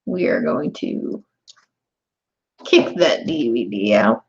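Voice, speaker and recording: A young woman chatting with her live stream viewers, her pitch swinging up and down a lot. She laughs often and talks straight to her chat. The audio is dull and lo-fi. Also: sing-song, slow pace, vocal fry.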